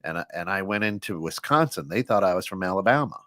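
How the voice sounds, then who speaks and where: Low voiced guy from south iowa, bouncy delivery, cohost rambling w lots of "right?". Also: animated, fast, pushed and bright, no echo, clean studio sound. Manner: chatty, lots of restarts and "right?" tags. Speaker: co-host. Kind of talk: casual talk-show banter.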